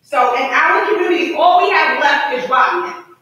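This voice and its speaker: A woman giving an emotional, forceful public comment at a city council meeting. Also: sits high, moderate pace. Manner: emotional, forceful, rising to shouts. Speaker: resident speaking at public comment. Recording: echoey chamber, mic from a distance.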